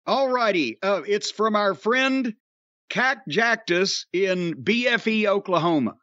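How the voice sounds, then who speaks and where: A man hosting a podcast, gruff and profane, trading wisecracks in casual banter. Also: sits high, lively intonation, slow pace, a bit bright, no room sound. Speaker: podcast host. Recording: dry, dull lo-fi sound.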